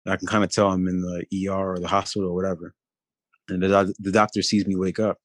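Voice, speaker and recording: A man in his thirties from the Philadelphia area, telling his own story as an interview guest in a halting, loose way full of restarts. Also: deep voice, flat delivery, dry recording. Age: 30s. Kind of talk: telling a personal story in conversation.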